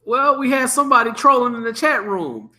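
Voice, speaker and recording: A man's voice: very high-pitched, lively intonation, brisk, pushed and bright. A man hosting a livestream, asking questions and brashly trash-talking with profanity. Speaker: livestream host. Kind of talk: casual interview and chat.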